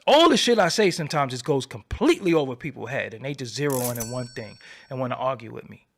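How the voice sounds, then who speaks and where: Profane animated man ranting on a livestream. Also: fast, gravelly. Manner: profane, animated preaching with repeated phrases; swoops between low mutter and loud high bursts. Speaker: livestream host. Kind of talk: unscripted livestream rant.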